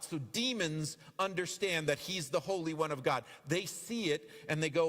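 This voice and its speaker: A man's voice: a little high, normal speed, few pauses, fairly bright tone. A male pastor preaching a sermon in a conversational way, often repeating his questions. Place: church sanctuary. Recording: long reverb of a church hall.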